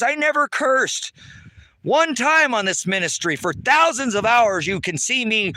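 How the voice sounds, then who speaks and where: High, bright-voiced man ranting angrily outdoors. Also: dry recording. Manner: heated, cursing, repetitive. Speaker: online ministry host. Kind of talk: angry profane outdoor rant to viewers. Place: outdoors on his rural property.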